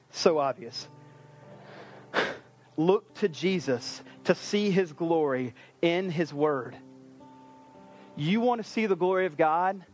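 A man preaches in a lively, conversational way, quick to pose questions. His voice sits high for a man. Soft music plays faintly behind him. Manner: energetic, conversational, animated preaching. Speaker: pastor. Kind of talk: sermon.

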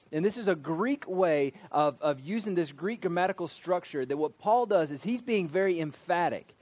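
Fairly high-voiced male pastor preaching. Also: animated, normal speed, darkish tone, no room sound. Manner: emphatic, explanatory preaching with scripture reading. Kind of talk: sermon.

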